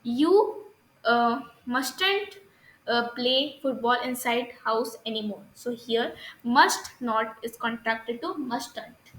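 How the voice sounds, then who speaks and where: A woman's voice: on the high side, slow pace, fairly bright tone, reverberant, poor audio. A woman with an Indian English accent teaching an English grammar lesson, hesitant, with many fillers and restarts, checking if students understood.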